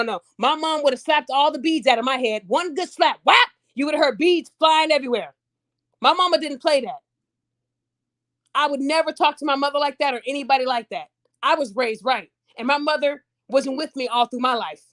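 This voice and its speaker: Animated woman podcast host, higher voice. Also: a little fast. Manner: animated, talks to audience, acts out voices. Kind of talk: casual commentary.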